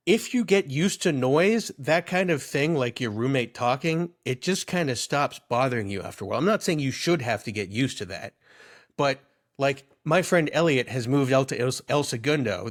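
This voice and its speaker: Young guy cohosting a podcast, jokey, rambly, teasing his buddy. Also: mid-range voice. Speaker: podcast co-host. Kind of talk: casual comedic chat.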